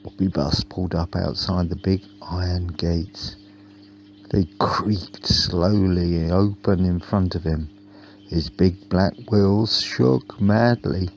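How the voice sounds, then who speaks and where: Man reading a kids book, slow and gravelly, dull lo-fi hum. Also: low voice, steady tone. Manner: slow, gentle narration. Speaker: storybook reader. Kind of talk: children's storybook read-aloud.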